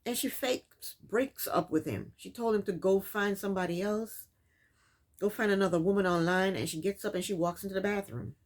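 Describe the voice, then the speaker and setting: A woman's voice: mid-range voice, moderate pace. A woman hosting a casual recap of a reality show, telling the events in her own words and scolding the people in it. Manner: sassy, scolds the people on screen.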